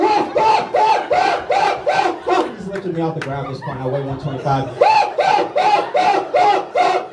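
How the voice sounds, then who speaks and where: Self-deprecating comedian in a roomy club. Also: male voice, fairly high pitch, far from the mic, background noise. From Louisiana. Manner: self-deprecating, punchy asides, frequent "all right?" and "okay?" tags. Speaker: stand-up comedian. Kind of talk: stand-up comedy set. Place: comedy club stage with a live audience. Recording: roomy venue audio with crowd laughter.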